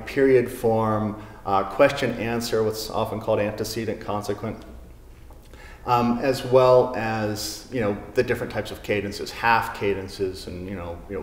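A man giving a casual guitar lesson in a showroom, talking in a relaxed way with many fillers. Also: on the low side, echoey room, in a large hall. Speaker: guitar teacher. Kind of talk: casual spoken music lesson. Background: classical guitar playing.

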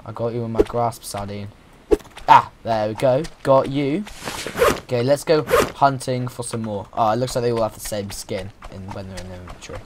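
A young man talks through a survival game in a chatty, playful way, with a voice in the middle of the usual range. He rambles, restarts his thoughts and now and then bursts out with silly shouts. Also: medium pitch, fairly even intonation, fairly quick, heavy background noise. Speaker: gaming YouTuber. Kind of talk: casual let's-play commentary.

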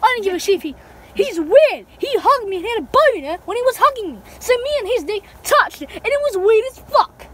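Jeffy, a woman voicing a squeaky bratty boy. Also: very animated, brisk, a little hiss or hum. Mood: angry. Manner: whiny, crude, demanding. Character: bratty foul-mouthed little boy. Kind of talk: amateur puppet video acting.

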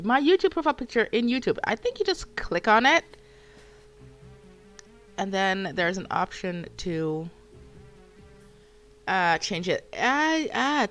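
Animated, bright-voiced woman streamer. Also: medium pitch. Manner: talks to herself, panics and shrieks when attacked. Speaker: streamer playing a video game. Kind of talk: live gameplay commentary.

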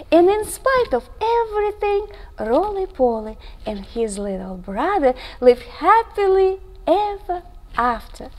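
Animated woman reading children's storytime. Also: on the high side, slight background noise. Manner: animated, gasping, hushed asides. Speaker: children's librarian.

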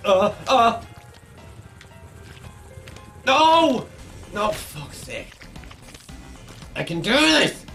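A man's voice: very high-pitched, sing-song, extremely slow, long pauses, faint music behind. A young man giving frustrated, swearing let's play commentary while gaming. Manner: frustrated, swearing, shouting at the game. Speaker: gaming YouTuber.

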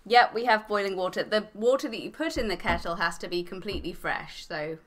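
A woman from England with a mixed English accent, a podcast guest explaining things clearly and matter-of-factly. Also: mid-range voice, fairly quick, fairly bright tone. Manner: clear, matter-of-fact instructing. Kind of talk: explaining, casual chat.

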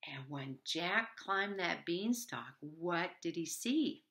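A woman teacher asking young children slow, playful questions about a fairy tale after storytime. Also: fairly low pitch, animated, fairly bright tone.

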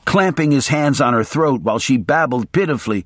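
Male audiobook narrator, dramatic first-person delivery, very animated pitch. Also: fairly quick, hardly any pauses, no echo, clean studio sound. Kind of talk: audiobook reading.

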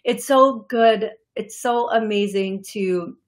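In a studio, a woman hosts a live call-in psychic medium show, reading viewer messages. She speaks slowly in a medium-pitched voice, effusive and gushing with lots of fillers.

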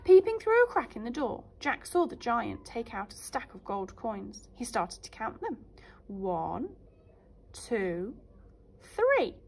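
Woman teacher, reading storybooks to infants, animated and high. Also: normal speed, hardly any pauses, slight background noise. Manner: animated, sing-song storytelling. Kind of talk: storybook reading for young children.

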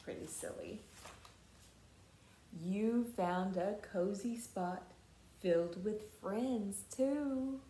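Slow gentle teacher reading a storybook. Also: female voice, mid-range voice, a little hiss or hum. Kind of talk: storybook read-aloud for children. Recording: roomy echo.

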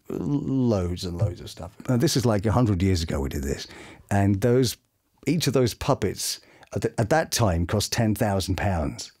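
A middle-aged voice actor chatting casually and telling stories with lively energy. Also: male voice, lowish voice. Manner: animated storyteller who slips into character voices. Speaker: voice actor guest. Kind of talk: casual chat.

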